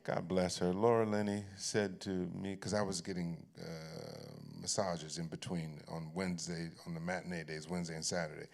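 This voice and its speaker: Gravelly, deep-ish male guest at a library talk, animated raconteur who restarts lines. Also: moderate pace, few pauses. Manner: animated, laughing, repeats and restarts phrases. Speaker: guest at an onstage conversation. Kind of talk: candid personal storytelling. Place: library event stage.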